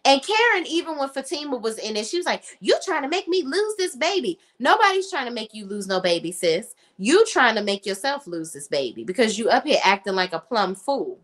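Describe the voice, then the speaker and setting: Animated woman recapping a TV drama. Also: fairly high pitch, fairly quick, few pauses. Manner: animated, dramatic retelling with lively quoted asides. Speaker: TV show reviewer. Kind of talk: casual TV recap.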